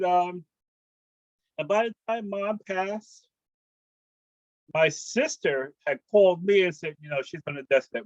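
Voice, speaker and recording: A man giving a personal story talk at a spiritual service, animated and acting out the voices he quotes. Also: on the high side, dry recording, dull audio. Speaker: guest speaker sharing testimony. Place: home, rooster heard outside.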